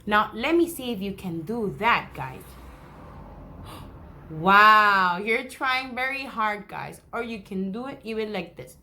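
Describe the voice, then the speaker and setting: Slow, encouraging woman teaching young kids. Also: mid-range voice, lively intonation, bright, forceful tone, a little hiss or hum. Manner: encouraging, speaks to young children, imitates animal sounds. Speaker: first grade teacher. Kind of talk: remote class lesson, crafts and read-aloud.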